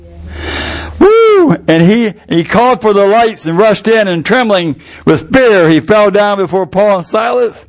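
Older male preacher, slightly high voice, folksy storyteller who builds to fervent peaks. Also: unhurried. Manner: folksy, colloquial storytelling with rising fervor. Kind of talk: sermon.

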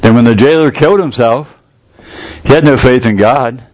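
A man's voice: mid-range voice, normal speed. Older man, preaching a sermon, folksy colloquial delivery, fervent. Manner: folksy, colloquial storytelling with rising fervor.

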